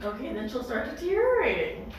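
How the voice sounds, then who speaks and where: A woman playing in a tabletop game, making sarcastic, quick retorts. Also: a little high, big pitch swings, a little hiss or hum. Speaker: player. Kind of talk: casual tabletop chat. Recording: very echoey room, distant mic, music behind.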